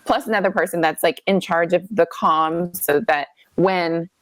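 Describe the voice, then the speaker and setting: A woman in her thirties, a guest from the United States, chatting at home over a laptop video call in an animated way, full of "like". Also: fairly low pitch, normal speed, dry recording. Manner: chatty and animated, many fillers like "like". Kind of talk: casual interview chat.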